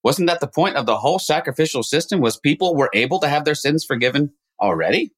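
A man's voice: fairly high pitch, expressive, fast. A man hosting a podcast interview, asking probing questions and chatting in a friendly, casual way. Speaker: podcast host. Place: Texas.

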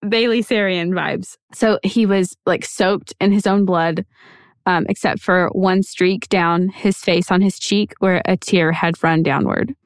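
A woman's voice: fairly low pitch, fairly even intonation, measured pace, no room sound, clean studio sound. A woman hosting a podcast, telling a true-crime story in a loose, conversational way with many fillers. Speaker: podcast host.

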